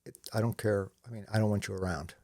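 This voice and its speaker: With a fairly low, darkish voice, fairly even intonation and a quick pace, the commercial photographer co-host is captured in studio quality with no echo. His casual conversation about photography drifts through stories, restarts, asides and plenty of "you know."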